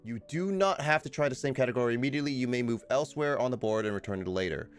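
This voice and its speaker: A man streaming a board game with friends, reading the rules aloud haltingly and breaking off mid-word to restart. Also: mid-range voice, animated, clear, resonant tone, soft background music.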